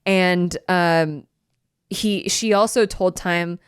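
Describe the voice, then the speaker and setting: A woman's voice: fairly low pitch, very slow, clean tone, no echo, clean studio sound. A woman, hosting a casual podcast chat and telling stories with lots of fillers. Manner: animated storyteller, chatty with fillers. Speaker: podcast host. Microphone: studio microphone.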